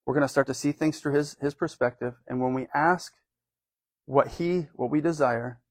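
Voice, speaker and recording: A man's voice: a little high, normal speed, dry recording. A man from the United States giving an informal sermon in a loose, rambling way, with many fillers and restarts. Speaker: preacher.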